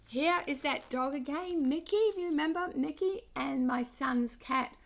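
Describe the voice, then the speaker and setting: A woman in her sixties talking through memories in a personal vlog, reflective and wandering, pausing and restarting as she goes. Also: high-pitched. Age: 60s. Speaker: vlogger.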